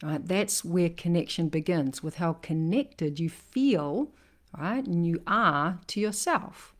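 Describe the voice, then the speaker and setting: A woman relationship coach talking in a casual live-streamed monologue, emphatic and animated, often asking "right?". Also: lowish voice, slow.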